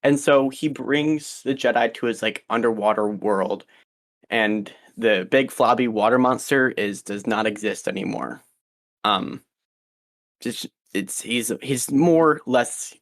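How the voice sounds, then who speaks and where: A young man co-hosting a podcast in loose, casual chat. He rambles through his ideas with plenty of ums and restarts. His voice sits in an ordinary middle pitch. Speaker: podcast co-host.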